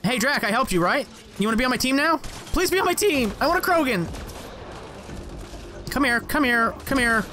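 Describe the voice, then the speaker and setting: A man giving casual let's-play commentary, excitable and joking, swearing often. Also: very high voice, brisk, long pauses, slight background noise. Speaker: gaming channel host.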